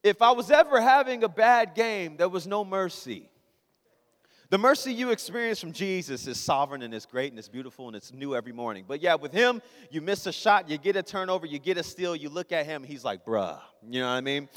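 A man's voice: sits high, expressive, fairly quick. A young man preaching a casual, joking sermon, telling stories and acting out his father's voice. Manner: conversational, joking, acts out his father's lines. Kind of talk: humorous sermon storytelling. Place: church sanctuary. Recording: long reverb of a hall.

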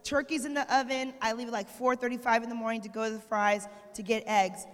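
A woman from Arizona, with a slightly high voice, tells a chatty story full of self-mocking humor to her church. Her voice echoes with a long reverb across the hall. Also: steady tone, fast. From Arizona, USA. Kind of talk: casual storytelling to a congregation.

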